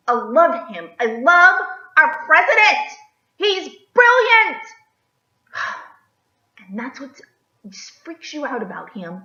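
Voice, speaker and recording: Woman, political vlogger, emphatic rant, rhetorical questions, high voice, dull lo-fi sound. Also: pushed and bright. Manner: emphatic, rhetorical, repeats "okay?". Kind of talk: opinion rant to camera. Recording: echoey, slightly dull.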